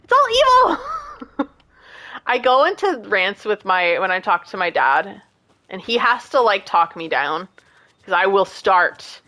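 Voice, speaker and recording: A woman's voice: medium pitch, expressive, measured pace, bright, forceful tone. A woman in her late thirties chatting casually with her stream audience, rambling from one story to the next, laughing often and going off on rants. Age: late 30s.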